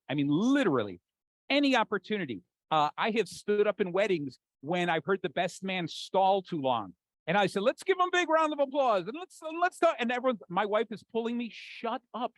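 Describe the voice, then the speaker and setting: A man with an American accent giving an animated, jokey conference talk, acting out the voices in his head. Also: fairly high pitch, dry recording, rough recording. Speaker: keynote speaker. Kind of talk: conference talk to a live audience.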